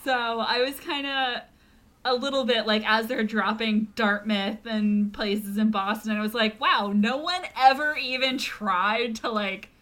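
A woman's voice: fairly high pitch, fairly even intonation, unhurried, a bit bright. A woman hosting a podcast in casual chat, giggly and rambling. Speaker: podcast host.

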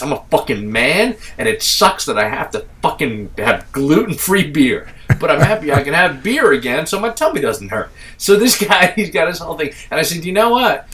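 A man's voice: on the high side, a bit bright, recorded from a distance, slight background noise. A middle-aged man from Staten Island, telling a rambling, profane story in casual chat.

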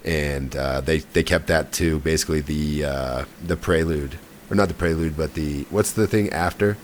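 A man's voice: extremely low pitch, fairly even intonation, moderate pace, a little hiss or hum. A man co-hosting a podcast, chatting casually about gaming news and often trailing off mid-thought. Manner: conversational, trails off and restarts. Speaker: podcast co-host.

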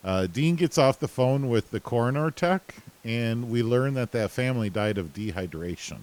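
A man's voice: medium pitch, expressive, moderate pace, a little mellow, low-quality recording. A man co-hosting a casual recap chat, laid-back and hesitant, with many fillers. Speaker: podcast co-host.

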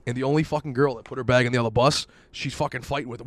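A man hosting a podcast, telling rapid, profane stories and shouting when he quotes himself. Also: mid-range voice, fairly even intonation, heavy background noise. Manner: rapid, swearing storyteller, loud bursts when quoting himself. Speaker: podcast host. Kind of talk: casual profane chat.

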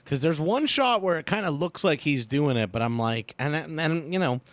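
Male podcast co-host, rambling and hesitant, slightly high voice, dry sound. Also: lively intonation, normal speed, dry recording. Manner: rambling, hesitant, repeats himself. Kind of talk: casual chat.

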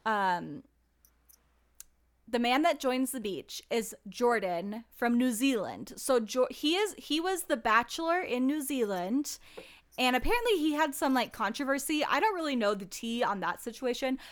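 A woman's voice: a little high, animated, normal speed. A young woman in casual chat, recapping a reality show with lots of "like" and "um" and free swearing. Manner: chatty, swears freely, lots of "like" and "um".

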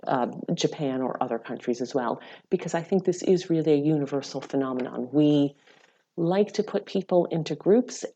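A low-pitched American woman gives explanatory answers about her research. Her voice is mellow and dark, and she pauses often with fillers while she works through a point. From United States. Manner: measured, explanatory, many fillers. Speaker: researcher guest. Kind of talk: interview answers. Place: lives in the UK.

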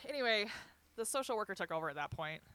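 A young adult guest recounts a hospital stay in casual chat, candid and profane, laughing often and quoting other people. The medium-pitched voice is expressive, a little fast, pushed and bright, with a clean tone.

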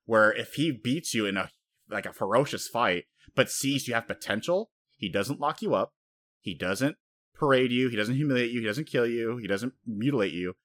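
A man co-hosting a casual podcast, rambling and animated as he retells story scenes, slipping into quoted voices. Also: mid-range voice, normal speed. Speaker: podcast co-host. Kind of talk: casual anime discussion.

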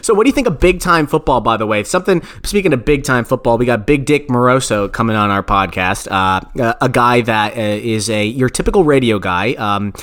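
A man's voice: medium pitch, lively intonation, brisk, few pauses, a bit bright. A man co-hosting a podcast, telling long rambling stories in a casual, self-deprecating way. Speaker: podcast co-host.

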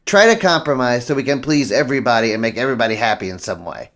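A man's voice: medium pitch, quick pace, a bit bright. A man in casual chat who makes teasing remarks.

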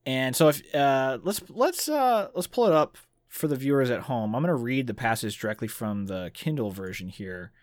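A man hosts a casual book podcast and talks with real enthusiasm, his pitch jumping around a lot. His voice is mid-pitched, and the sound is close and dry with no room. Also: lively intonation, normal speed, no echo. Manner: enthusiastic, reads passages aloud. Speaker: podcast host.

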